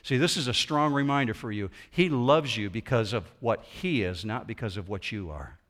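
A man preaching a sermon as pastor in a church auditorium, swinging between loud emphasis and quiet intensity. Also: mid-range voice, normal speed.

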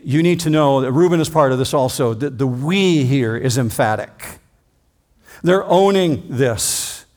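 A man preaching an expository sermon, reading scripture dramatically and slowing down to stress key phrases. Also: medium pitch, darkish tone.

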